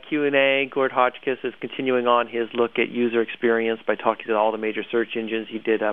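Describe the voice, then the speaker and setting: A gravelly-voiced man co-hosts a casual news talk, animated and opinionated. His voice comes through thin and tinny, like a phone line. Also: mid-range voice. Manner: animated, opinionated, laughs often. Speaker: podcast co-host.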